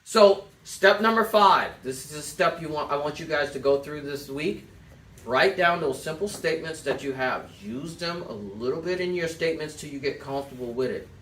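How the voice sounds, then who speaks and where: A man's voice: fairly high pitch, moderate pace, fairly bright tone, a little hiss or hum. A man teaching a sales class, giving direct instructions and telling listeners to write things down. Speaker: sales trainer. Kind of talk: sales coaching talk. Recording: echoey room, distant mic.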